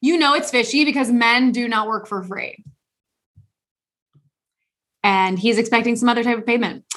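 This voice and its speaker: A woman co-hosts a podcast in easygoing chat. Her voice sits a little high, and she turns playful, reading posts aloud in mock voices. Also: fairly even intonation, normal speed, a bit bright. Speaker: podcast co-host. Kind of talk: casual chat.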